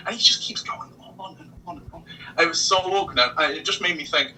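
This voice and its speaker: A man with an English accent, a podcast guest telling an animated story over a video call. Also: on the high side, brisk, recorded from a distance, a little hiss or hum, poor audio. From England. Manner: animated, swears freely, mimics voices. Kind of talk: casual storytelling.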